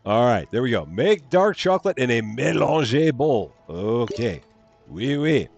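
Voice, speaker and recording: A man's voice: mid-range voice, very animated, unhurried, vocal fry, a little mellow, faint music behind. A man giving chatty, playful live commentary while streaming a game, reading its on-screen text aloud and joking along the way. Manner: chatty, playful, jokey asides.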